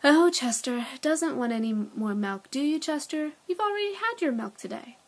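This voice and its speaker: A woman voicing a calm, peacemaking mother who speaks gently, in a read-aloud children's storybook. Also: on the high side, normal speed. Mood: gentle. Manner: gentle, soothing.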